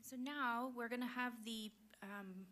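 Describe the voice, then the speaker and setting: A woman chairing a public school board meeting, reading out votes and case numbers with frequent pauses and ums. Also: a little high, pushed and bright. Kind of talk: formal meeting procedure.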